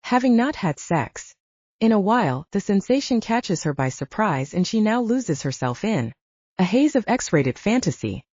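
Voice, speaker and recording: A woman narrating an audiobook in an expressive storytelling manner, in a dull lo-fi recording. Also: mid-range voice, moderate pace, no room sound.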